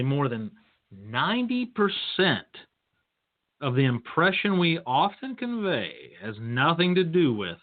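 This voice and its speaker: A man hosting a podcast, giving career advice in a deliberate, lecturing storytelling manner. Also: mid-range voice. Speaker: podcast host. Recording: tinny phone-line sound.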